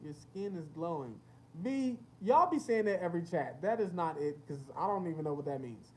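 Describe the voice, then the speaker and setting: A man's voice: on the high side, normal speed. A young man, hosting a casual livestream, telling stories full of slang and cursing and reading chat comments. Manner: animated storytelling with lots of slang and cursing.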